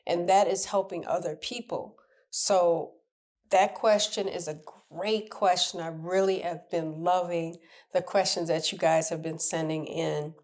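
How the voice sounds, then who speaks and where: A middle-aged woman coach giving advice in a casual talk, her voice pitched a little low. She speaks candidly and with animation, often acting out the people she meets. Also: measured pace. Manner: candid, animated, laughs and acts out quoted people. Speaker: relationship coach.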